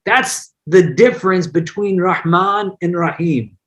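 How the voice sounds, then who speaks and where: A man's voice: high voice, unhurried, a bit bright. A man, an imam, giving a conversational online religious lesson, explaining word meanings and mixing in personal anecdotes. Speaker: imam teaching an online class.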